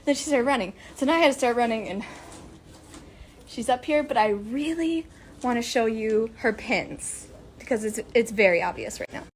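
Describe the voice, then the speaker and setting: A woman's voice: a little high, animated, normal speed, a little hiss or hum. Chatty woman filming a farm vlog. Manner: chatty and hopeful, explaining things to viewers. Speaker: farm vlogger. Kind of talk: casual explanatory vlog narration. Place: farm barn and pasture, outdoors.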